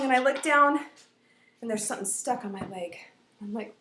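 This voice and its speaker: Woman storyteller, bright-ish voice, dramatic swings from hush to shout, echoey room with faint hiss. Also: a little high, fairly quick. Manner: animated, swinging between whispers and loud outbursts. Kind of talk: personal story told aloud.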